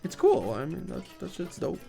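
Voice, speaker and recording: A man's voice: high-pitched, wildly swooping pitch, normal speed, vocal fry, mellow. Laid-back male gameplay commentator. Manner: rambling, laid-back, swears casually. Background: game music.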